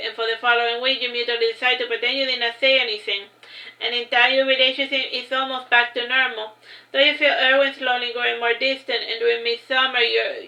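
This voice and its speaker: A woman reading a fantasy novel aloud in a steady, plain way, with small slips now and then. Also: fairly high pitch. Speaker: narrator. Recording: roomy echo.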